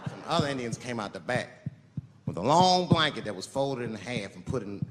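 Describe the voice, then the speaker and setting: A man doing a stand-up comedy set, telling a story in an animated way on a theater stage into a handheld mic. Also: moderate pace. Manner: animated storytelling, jumps into shrill put-on voices. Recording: hall reverb, crowd laughter noise.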